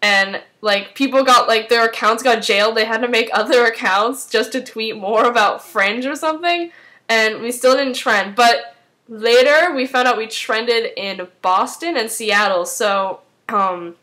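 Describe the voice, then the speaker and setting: A woman's voice: fairly high pitch, pushed and bright. A woman in a casual spoken recap as a fan, chatting loosely with lots of "um" and "like" fillers. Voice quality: rambling with many fillers, chatty.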